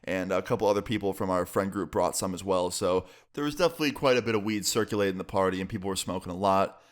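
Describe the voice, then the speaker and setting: A man's voice: deep voice, quick pace. A young adult man casually telling a personal story, loose and filler-heavy, with some swearing. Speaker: storyteller vlogger.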